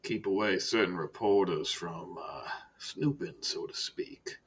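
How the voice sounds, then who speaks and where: A man doing a hushed, scheming director. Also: expressive, husky, exaggerated voice. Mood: conspiratorial. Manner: hushed, low, deliberate villain voice. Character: scheming male facility director, quiet and menacing.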